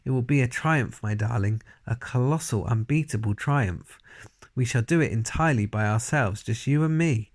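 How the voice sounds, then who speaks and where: A man's voice: mid-range voice, normal speed, lightly acted. A man voicing a clever young boy turned into a talking mouse in a storybook read-aloud, speaking eagerly and earnestly.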